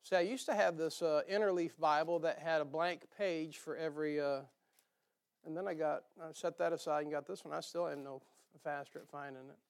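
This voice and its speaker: A man's voice: a little high, fairly even intonation, brisk, gravelly, smooth. A man with a northern US accent preaching a sermon in a church, in a folksy, rambling way with jokey asides and a nasal twang. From northern United States.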